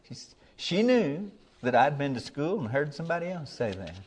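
A man's voice: a little high, very animated, normal speed, darkish tone, husky. An older man, a preacher giving a sermon in a folksy, plainspoken way, earnest and building to emphatic peaks.

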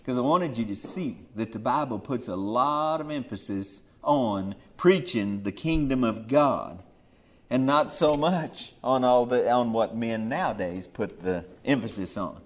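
A man preaching a sermon in a folksy way, moving from quiet asides to loud, emphatic peaks. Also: mid-range voice, expressive, a little slow.

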